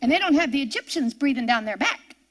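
A woman preaching a sermon, animated and emphatic, her voice rising on repeated phrases. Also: sits high, fast.

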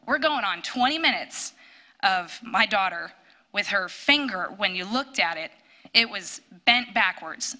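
A woman telling a personal testimony in church, storytelling with animated bursts when quoting. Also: mid-range voice. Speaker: church speaker sharing a testimony.

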